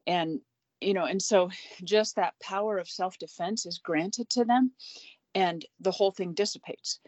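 A woman's voice: fairly low pitch, a little mellow, no room sound, highs cut off. A woman in a casual Bible study discussion, explaining points with confidence.

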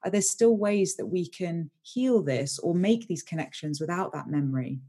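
A woman's voice: on the low side, animated, normal speed, mellow, slightly rough. A woman hosting an interview podcast, asking reflective questions and giving short affirmations. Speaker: podcast host.

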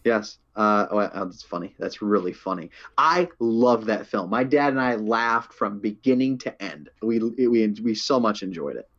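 A man's voice: on the low side, lively intonation, moderate pace, few pauses, fairly bright tone, muffled recording. A young man co-hosting a casual movie chat, eager, often restarting his sentences and laughing easily. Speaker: podcast co-host.

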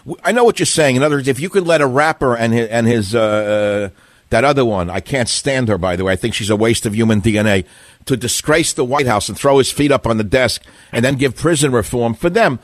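A man's voice: mid-range voice, a little fast, no room sound, studio quality. An older man hosting a call-in talk radio show, speaking in a combative, opinionated way with rambling asides.

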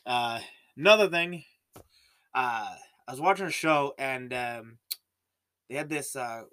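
A young man with a Canadian accent talks alone on his podcast, rambling through his thoughts with lots of fillers and restarts. His voice sits in a middle pitch. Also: unhurried, bright, forceful tone. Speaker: podcast host. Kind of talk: solo casual podcast monologue.

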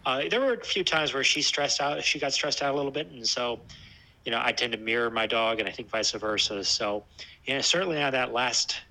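A man with a bright, forceful voice talks casually about hiking with his dog. His pace is relaxed and thoughtful, and he often restarts his sentences. His pitch sits in the middle range. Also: a little fast, rough recording. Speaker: hiker discussing a trip with his dog. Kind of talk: casual chat.

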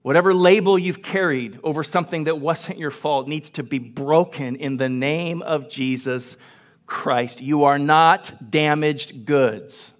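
A man's voice: on the high side, unhurried. A man preaching a sermon as pastor, earnest and emphatic, repeating phrases for emphasis. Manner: drops to a soft, hushed voice when telling a story. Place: church sanctuary.

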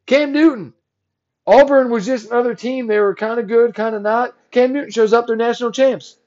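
A man hosting a solo sports podcast, ranting sarcastically and growing loud and heated. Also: very high-pitched, a little fast, muffled recording. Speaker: podcast host.

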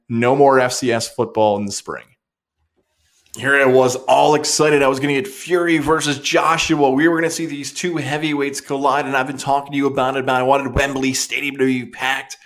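A man hosting a sports talk show, giving an opinionated, animated monologue. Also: medium pitch. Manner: opinionated, animated, rapid swings. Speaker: sports radio host.

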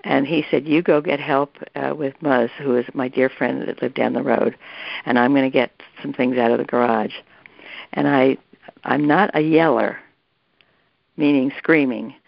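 In a gravelly, rumbling low voice with fairly even intonation, an older woman rambles through a family story at a moderate pace, full of restarts and side remarks. She is an interviewee recalling her family's history, captured on a dull, dry lo-fi recording without room sound.

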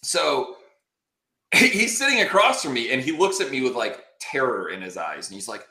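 A man guesting on a podcast, telling a story in animated, exasperated casual chat and swearing freely. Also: mid-range voice, normal speed, echoey room.

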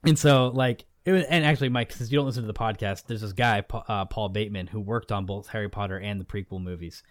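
A man's voice: fairly low pitch, fairly even intonation, fast talker, no echo. A man co-hosting a podcast in casual chat, rambling with many restarts and fillers. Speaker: podcast co-host.

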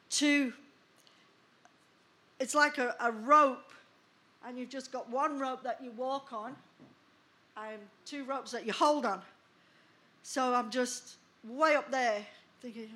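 With a high voice, a slow pace, and long pauses, a woman pastor in her sixties recounts a personal testimony in a sermon. Her storytelling is lively and acts out the scenes.

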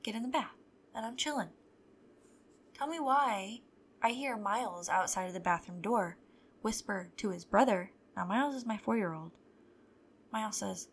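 A woman's voice: mid-range voice, normal speed, long pauses, a little hiss or hum. A young adult woman hosting a podcast, telling stories in a candid, profane, wry way. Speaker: podcast host. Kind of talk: casual storytelling chat.

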